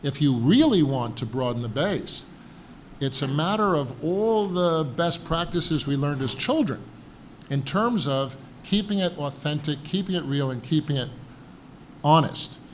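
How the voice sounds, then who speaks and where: A man's voice: a little high, animated, unhurried, a little hiss or hum. Wry man telling a story on a panel. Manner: wry, storytelling, acts out quoted voices. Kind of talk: conference panel talk with anecdotes. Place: conference hall.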